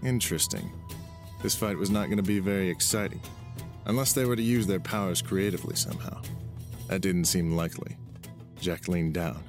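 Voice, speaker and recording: A man reading an audiobook chapter aloud as narrator, in a steady storytelling way. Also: low voice, moderate pace. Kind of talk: scripted narration. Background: music.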